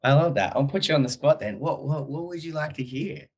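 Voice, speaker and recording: A man hosting a podcast interview, reflective and trailing off softly. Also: on the high side, expressive, brisk, slightly rough, low-quality recording. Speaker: podcast host. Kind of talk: casual interview.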